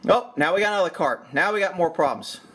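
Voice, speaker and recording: A man's voice: sits high, animated, fast talker, a bit bright, breathy edge. A man giving blunt, exasperated commentary over a video, swearing often. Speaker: horse trainer and commentator.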